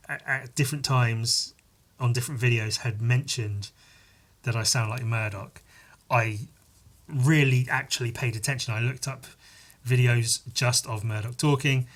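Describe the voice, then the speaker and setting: A man's voice: medium pitch, fairly even intonation, unhurried, long pauses, fairly bright tone. A man hosting a solo podcast, rambling and self-mocking and swearing freely. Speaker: podcast host. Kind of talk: casual solo podcast chat.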